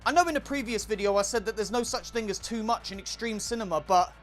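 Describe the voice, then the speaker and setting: A man with a fairly high voice recaps a film scene by scene, dropping crude, sardonic comments along the way. Faint music plays under him. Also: fast. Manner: sardonic, profane asides. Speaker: film reviewer. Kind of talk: casual narrated film recap.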